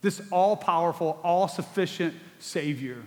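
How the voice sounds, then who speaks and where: A male pastor delivers a sermon in a casual, conversational manner, full of rhetorical questions and repeated words. His voice sits high for a man. It rings out with a long reverb, as if in a large church hall. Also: measured pace.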